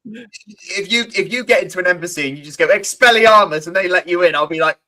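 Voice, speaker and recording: A man in casual chat, excitable and quick to laugh, often restarting his sentences. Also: high voice, rough recording.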